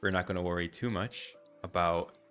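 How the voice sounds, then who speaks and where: A man's voice: deep voice, fairly even intonation, moderate pace, fairly bright tone, faint music behind. A young adult man streaming live, ranting in an exasperated way with lots of fillers and restarts.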